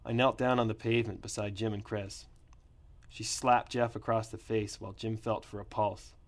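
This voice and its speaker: Low-voiced man reading a story. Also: little pitch movement, normal speed. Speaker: narrator. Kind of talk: first-person story reading.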